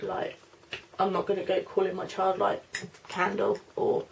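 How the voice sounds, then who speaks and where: Vlogger, woman in her twenties, London-Norfolk accent; mid-pitched with a bit of fry, rambling and unsure in a casual question-and-answer chat. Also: monotone, normal speed, a little hiss or hum. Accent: mix of London and Norfolk English. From London, England. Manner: rambling, hesitant, many fillers and "I don't know". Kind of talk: casual Q&A vlog, reading questions aloud.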